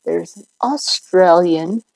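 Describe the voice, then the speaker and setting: A woman's voice: on the low side, slow, vocal fry, darkish tone, dry recording, low-quality recording. A middle-aged woman hosting a livestream, rambling along in casual chat and laughing often. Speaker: livestream host.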